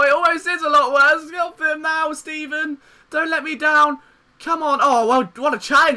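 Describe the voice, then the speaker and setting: Excitable young gamer, high bright voice. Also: male voice. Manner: excitable, jokey, swings from despair to cheering. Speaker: gaming commentator. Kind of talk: let's play commentary.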